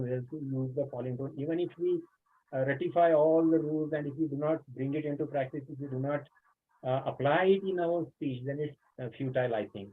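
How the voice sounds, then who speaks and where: Brief: male trainer, slightly high voice, husky edge, webinar lecture over a phone-like line. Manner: explanatory, frequent "uh" fillers. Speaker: teacher trainer. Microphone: video call. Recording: tinny phone-like online call audio.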